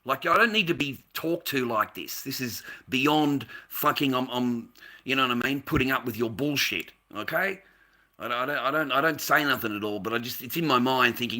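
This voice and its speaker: A man's voice: medium pitch, moderate pace, bright, forceful tone. An Australian man telling a heated, profane story about being mistreated as a volunteer, repeating himself as he complains. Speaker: volunteer recounting a workplace dispute. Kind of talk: angry casual rant to camera.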